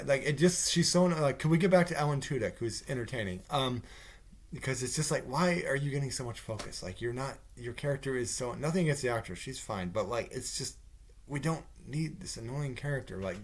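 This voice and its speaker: Man, podcast host, rambling rant, swears a lot, mocking impressions. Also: mid-range voice. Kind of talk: casual rant.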